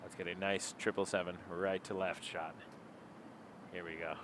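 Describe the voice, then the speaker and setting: A man with a low, fairly flat voice and a Toronto-area Canadian accent chats at an ordinary pace to live stream viewers, rambling and reading out their comments. It's a cold night and he stands outdoors beside an airport runway, marching in place to stay warm. Traffic noise from outside is audible in the recording.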